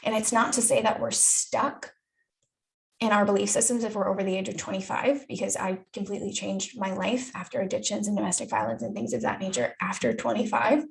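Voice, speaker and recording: Gravelly-voiced woman coaching with casual candor. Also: medium pitch, low-quality recording. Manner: casual and candid, swears freely, rhetorical questions. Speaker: dating and self-development coach. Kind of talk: live online coaching talk.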